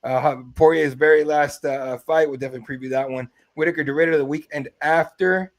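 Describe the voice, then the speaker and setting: Brief: young male podcast host, rapid and a bit high, excitable and swearing freely. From Mexico. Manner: excited, profane storytelling. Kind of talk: casual podcast chat.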